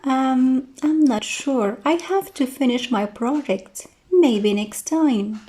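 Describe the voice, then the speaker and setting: A woman's voice: high-pitched, takes it slowly, warm tone. A woman doing a friendly young woman.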